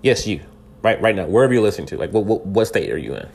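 A podcast commentator from California talks casually in a somewhat low, gravelly, slightly mellow voice with big pitch swings and a fast pace. Earnest and direct with the listener, he piles up rhetorical questions, restarting and repeating words as he works through his thoughts.

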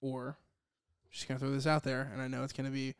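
A man's voice: mid-range voice, monotone, fast, smooth. Blunt, sarcastic young man. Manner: blunt, sarcastic, swears freely. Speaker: podcast co-host. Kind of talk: casual podcast chat.

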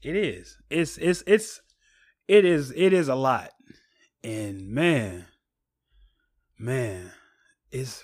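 A man's voice: mid-range voice, drawn-out words, long pauses, no echo, clean studio sound. A man hosting a podcast in blunt, heartfelt casual chat. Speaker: podcast host.

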